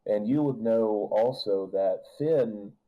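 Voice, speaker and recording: A man's voice: lowish voice, takes it slowly, narrow, tinny audio. A man narrating a tabletop game as game master, rambling with restarts and filler words.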